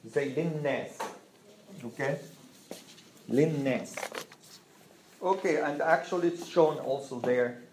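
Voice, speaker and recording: A man's voice: fairly high pitch, normal speed. A man teaching an Arabic class to students, patiently repeating words and phrases for them to drill. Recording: roomy classroom with faint noise.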